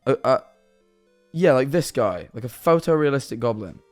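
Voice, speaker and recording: Rambling young streamer. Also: male voice, medium pitch, animated, moderate pace, soft background music. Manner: rambling, hypothetical storytelling, reacting to chat. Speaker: livestreamer. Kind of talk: casual live-stream chat.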